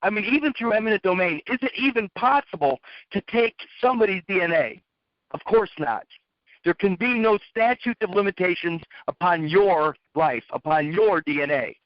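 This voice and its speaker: A man with a notably high voice delivers a lecturing monologue, firing off rhetorical questions and repeating key phrases. The recording is dull and lo-fi, with a dry, close sound. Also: animated, moderate pace, dry recording. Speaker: speaker.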